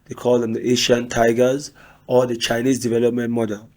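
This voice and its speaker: Husky man with a cold, flat delivery. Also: medium pitch, brisk. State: has a cold. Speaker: video host reacting to clips. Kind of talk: casual commentary.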